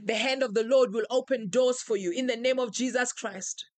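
A woman preacher leads a live-streamed prayer, her voice pitched high as she chants names and declarations in fervent, rhythmic repetition. The sound is close and dry, with no room around it. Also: normal speed, no echo. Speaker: preacher leading online prayer.

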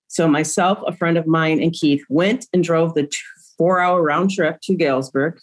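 A middle-aged woman, a grieving mother, recounting events in an interview with emotion and acting out quoted dialogue. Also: deep voice.

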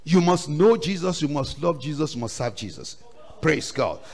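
Pastor preaching with big swings. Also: male voice, animated, moderate pace, vocal fry. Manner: preaching with sudden loud rises and low drops; acts out quoted voices in the story. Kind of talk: sermon.

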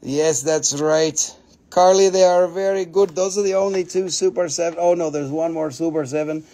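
An excitable man hosts a live crystal sales stream, gushing over each piece and swearing freely. His voice sits fairly high for a man. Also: normal speed.

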